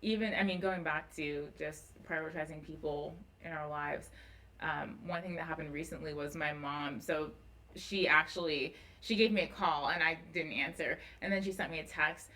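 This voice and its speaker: A woman's voice: deep voice, steady tone, moderate pace, pushed and bright, low-quality recording. A young woman in her twenties, a news anchor guest, telling personal stories in an earnest, emotional way during a casual chat.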